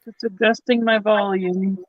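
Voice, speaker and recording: A woman's voice: mid-range voice, fairly even intonation, a little slow, no room sound, dull audio. A woman chatting casually on a live stream, rambling and trailing off mid-sentence. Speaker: regular viewer on the stream.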